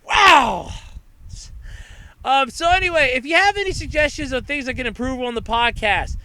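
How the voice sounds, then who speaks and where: A man hosting a solo podcast, out of breath and rambling after a rapid countdown. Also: extremely high pitch, lively intonation, clean tone, no room sound. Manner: rapid countdown shouting, then winded rambling. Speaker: podcast host.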